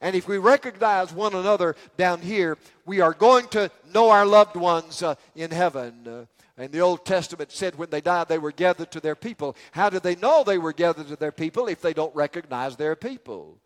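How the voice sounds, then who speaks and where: A man's voice: high-pitched, expressive, moderate pace. An older man preaching a sermon in a folksy, rambling way, with many restarts and jokes. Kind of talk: sermon with humorous stories. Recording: long hall reverb.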